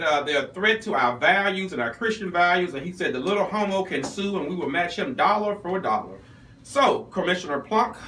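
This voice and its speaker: Man radio co-host, high and very bright voice, playful hype, echoey studio sound. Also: far from the mic, slight background noise. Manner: hyped, playful rhyming intro. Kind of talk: radio talk show banter and commentary.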